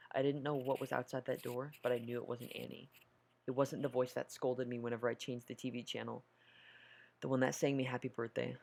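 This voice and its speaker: A man's voice: mid-range voice, gravelly. A man reading a horror story aloud, nervous, stumbling over words and correcting himself. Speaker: story narrator.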